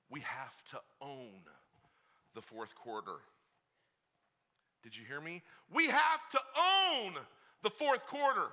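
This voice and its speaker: Animated, forceful male preacher. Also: mid-range voice. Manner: animated storytelling, swings from hushed to shouting. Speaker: pastor. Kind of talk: sermon.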